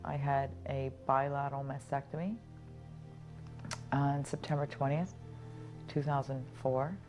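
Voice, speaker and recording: A woman, a mother of four, quietly and hesitantly recalling her cancer diagnosis in an interview testimonial. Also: very deep voice, level tone, unhurried. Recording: music bed under the voice.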